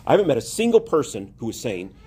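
A man's voice: mid-range voice, sing-song, fast, warm tone, slightly rough. A male priest preaching a sermon, earnest and rising to emphatic exhortation.

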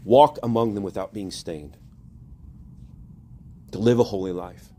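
A man with a low, husky voice delivers a sermon as a priest. He speaks earnestly and often presses his points with rising emphasis. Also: measured pace, mellow. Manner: earnest, building to emphatic exhortation.

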